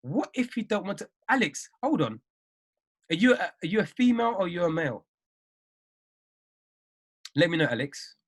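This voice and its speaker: A man's voice: sits high, sing-song, normal speed, pauses often. A man giving an emphatic, repetitive motivational live-stream talk as a trading mindset coach. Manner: emphatic, repeats phrases, preachy.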